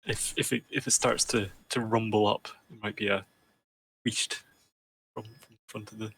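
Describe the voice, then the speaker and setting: A man's voice: fairly low pitch, flat delivery, moderate pace, creaky, fairly bright tone, slightly rough, low-quality recording. A man playing in a tabletop role-playing game, talking hesitantly and restarting his sentences. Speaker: player. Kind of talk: casual chat in a tabletop game.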